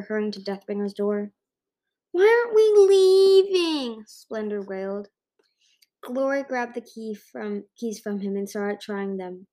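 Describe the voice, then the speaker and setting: A woman reading a fantasy novel aloud, expressive, with occasional stumbles and restarts. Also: mid-range voice. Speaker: amateur audiobook reader. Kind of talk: storybook reading.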